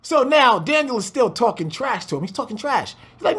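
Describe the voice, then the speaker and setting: A man's voice: extremely high pitch, sing-song, fairly quick, few pauses, a bit bright, husky. A man preaching a fiery scripture breakdown, firing rhetorical questions and swearing as he exclaims.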